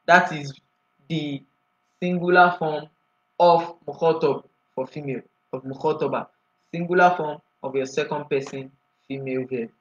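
A man's voice: on the high side, fairly even intonation, moderate pace, lo-fi sound. A man teaching Arabic grammar in a class lecture, explaining each step and often asking the students to fill in the answer.

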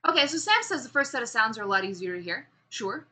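A woman teaching a speech class, lecturing on delivery, showing how pitch and emphasis change, and calling on students with questions. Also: very animated, fast, pushed and bright. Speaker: speech instructor.

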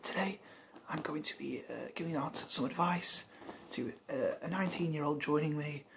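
A man's voice: on the high side, moderate pace, vocal fry, background noise. A young man voicing a confident male dating expert in a whispered role-play, with showy introductions. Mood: smooth. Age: young adult.

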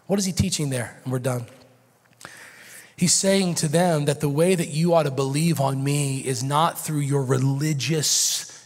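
A man preaching a sermon as pastor in a church, moving from quiet teaching to loud, shouted preaching. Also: mid-range voice, breathy edge. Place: church sanctuary. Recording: long hall reverb.

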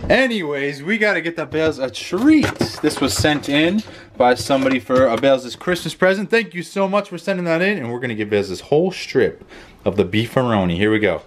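A man's voice: a little high, expressive, a little fast, fairly bright tone, slight background noise. A young man vlogging casually and slipping into playful baby talk with his dog. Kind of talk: casual vlog chat.

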